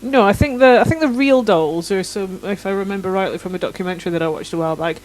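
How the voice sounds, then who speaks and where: A woman's voice: medium pitch, fast talker, darkish tone, a little hiss or hum. A young woman, co-hosting a casual podcast chat, giggly, sceptical and teasing. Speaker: podcast co-host.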